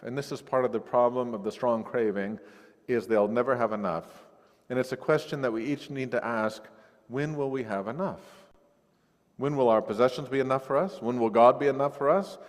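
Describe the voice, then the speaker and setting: A male pastor giving a sermon in a conversational, lively way, recorded over a video call. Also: medium pitch, normal speed, long reverb tail. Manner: conversational, animated when acting out quoted voices. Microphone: recorded via video call.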